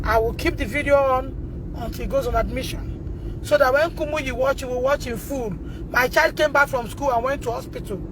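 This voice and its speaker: A Nigerian woman with a Nigerian English accent, speaking out on a phone livestream, emotional and repetitive, rising to shouts and tearful at times. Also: sits high, steady tone, normal speed, a crowd in the background, rough recording. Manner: emotional, repeats herself, rises to shouting. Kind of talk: impassioned livestream testimony.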